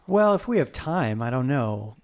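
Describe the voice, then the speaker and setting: A man guesting on a comedy radio show as a movie reviewer, talking in a slow, rambling, awkward way. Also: medium pitch, sing-song, darkish tone.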